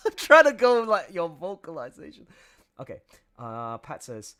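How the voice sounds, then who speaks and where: Playful, lively man chatting on stream. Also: mid-range voice, normal speed. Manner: playful, laughs often, bursts into song. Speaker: comic artist streaming his work. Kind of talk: casual chat on a livestream.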